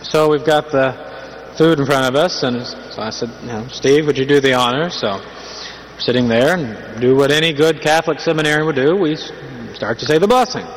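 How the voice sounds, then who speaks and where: A man's voice: medium pitch, expressive, normal speed, slight background noise. A man giving a conversational sermon, telling a humorous story and asking rhetorical questions. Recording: long hall reverb, faint ambience.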